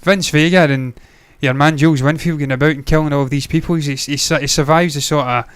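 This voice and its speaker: A Scottish man with a fairly high, smooth, resonant voice, co-hosting a loose film chat. He rambles, swears freely and gets animated. The sound is dry and close. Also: brisk, no room sound. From Scotland. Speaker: podcast co-host.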